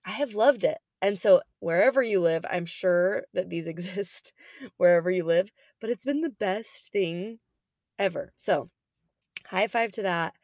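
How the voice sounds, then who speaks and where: A woman co-hosting a podcast, rambling cheerfully with plenty of fillers. Her low-set voice is raspy and full of vocal fry, and it sounds dry and close to the mic. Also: darkish tone, no echo. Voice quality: a little raspy. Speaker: podcast co-host. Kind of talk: casual chat.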